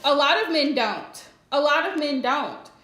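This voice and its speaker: A woman's voice: high-pitched, animated, a little slow, pushed and bright, reverberant. A woman hosting a live stream and giving relationship advice in a chatty, direct way, laughing often. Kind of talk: casual live-stream chat.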